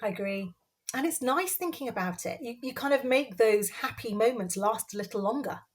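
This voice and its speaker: A woman's voice: a little high, lively intonation, moderate pace. A woman guest on a podcast, speaking earnestly and repeating phrases for emphasis. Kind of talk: casual conversational interview.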